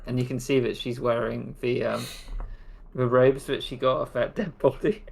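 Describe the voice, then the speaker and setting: A game master narrating a tabletop session in a mid-pitched voice. The speech is halting and full of fillers while the scene is set. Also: fairly even intonation, gravelly, a little mellow. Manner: hesitant, filler-heavy narration.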